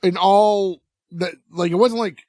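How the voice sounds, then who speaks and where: A podcast co-host with a high voice casually recaps a TV episode scene by scene at a measured pace. He's an animated storyteller who acts out bits of dialogue, and there's no room sound.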